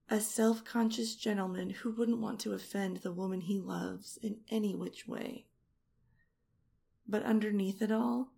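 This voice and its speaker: A woman speaks in an intimate erotic audio role-play, her delivery slow and unhurried and her voice heavily gravelly with a husky edge. She teases in a seductive murmur close on the mic, now and then dropping into a whisper. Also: medium pitch, fairly even intonation, warm tone. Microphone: close studio mic.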